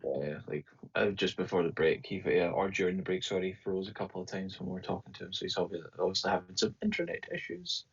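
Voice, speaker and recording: A man's voice: low voice, animated, fast, hardly any pauses, slightly rough. A man playing in a tabletop game, easygoing and a bit hesitant, on a muffled, distant voice-chat mic. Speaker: player. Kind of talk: casual tabletop play.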